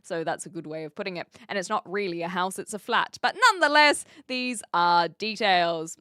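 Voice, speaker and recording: A woman's voice: fairly low pitch, normal speed, pushed and bright, no echo, studio quality. A woman from New Zealand chatting casually on a live stream, answering viewers in a playful, self-deprecating way.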